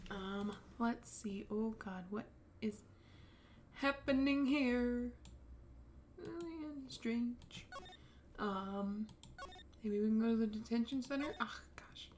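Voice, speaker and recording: Young female streamer, casual giggly commentary, slightly high voice. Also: slow, pauses often, a little mellow, a little hiss or hum. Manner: chatty, giggly, full of fillers and restarts. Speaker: game streamer. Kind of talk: casual let's-play commentary.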